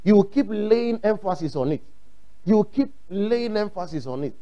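A man's voice: high-pitched, lively intonation, moderate pace, mellow, lo-fi sound. A man with a Ghanaian English accent preaching a sermon, emphatic and repeating his points, acting out quotes. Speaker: pastor.

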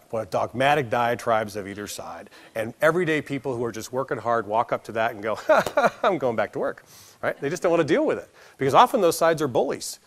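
A middle-aged man from the United States speaks from a conference stage. His voice sits at an ordinary mid pitch, and he moves through his stories with energy, slipping into the voices of the people he describes. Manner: animated storyteller, acts out voices, laughs along. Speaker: keynote speaker. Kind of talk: conference keynote with anecdotes.

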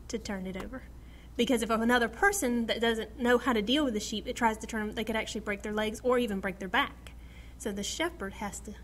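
A middle-aged woman leads a Bible study in a fairly high voice. She is animated and acts out little quoted exchanges. Faint room ambience sits behind her. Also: slight background noise. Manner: animated, acts out quotes, laughs often, reads scripture aloud.

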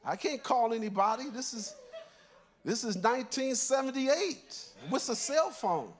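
Older male elder, high-pitched for a man, relaxed conversational sermon storyteller. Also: a little slow. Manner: conversational, storytelling, chuckles through lines. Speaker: church elder preaching. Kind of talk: sermon told as a personal story.

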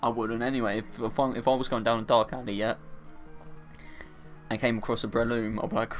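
Excitable young man narrating gameplay. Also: fairly quick, pauses often, faint music behind. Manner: excitable, cries out in high-pitched dismay at setbacks. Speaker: let's play gamer. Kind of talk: casual gameplay commentary.

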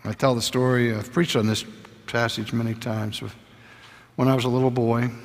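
An older man preaching a sermon, telling stories intimately and sometimes dropping to a soft whisper. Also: mid-range voice, in a large hall.

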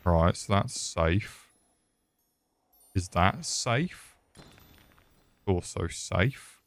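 A man's voice: sits low, expressive, drawn-out words, creaky. A young man casually commenting on a game he is streaming, profane, rambling and jokey. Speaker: gaming streamer.

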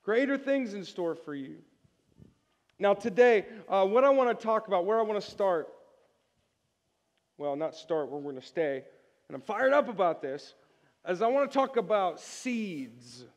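Man preaching, pastor, high voice, lively and playful, calls out to the crowd, church hall reverb. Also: moderate pace, dull audio. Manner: energetic, joking, calls on the congregation to respond. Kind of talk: sermon. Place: church sanctuary.

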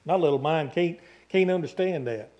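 A pastor delivers a sermon in church, stacking up long emphatic lists and asking for amens. His slightly high voice has a dark tone and moderate pace, captured in a muffled recording.

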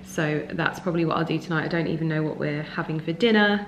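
A young woman vlogging at home in a chatty, casual way, often dropping to soft, hushed speech. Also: low-pitched, fairly even intonation, fast talker, few pauses, background noise. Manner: chatty, with frequent fillers like "like" and "um". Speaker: lifestyle vlogger. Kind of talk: casual chat to camera.

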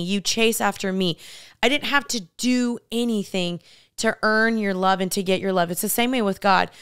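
A young woman co-hosting a casual podcast, giving earnest, heartfelt advice in a rapid flow of talk. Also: medium pitch, fairly bright tone, clean tone, no echo, clean studio sound. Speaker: podcast co-host. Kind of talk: casual chat.

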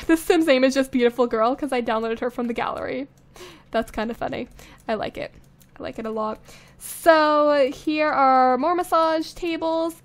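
A young woman giving casual, chatty gameplay commentary, thinking aloud with frequent little laughs, recorded on a condenser mic. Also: high voice. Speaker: let's play host. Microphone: studio condenser microphone.

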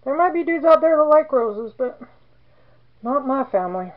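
A woman's voice: high-pitched, animated, normal speed, narrow, tinny audio. A woman in her forties chatting casually as she demonstrates soap making, rambling into joking asides. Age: 40s.

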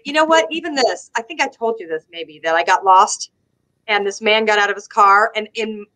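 Animated Southern American woman, storytelling. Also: mid-range voice, moderate pace, poor audio. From United States. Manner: animated storyteller, laughs often. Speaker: guest. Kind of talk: casual conversation on a live stream.

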